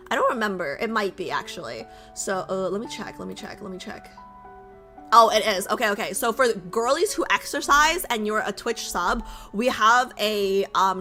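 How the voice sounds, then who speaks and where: Lively, bright-voiced woman streamer, chatty. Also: mid-range voice. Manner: chatty, repeats phrases, self-mocking. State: slightly raspy voice. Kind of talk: casual chat with viewers.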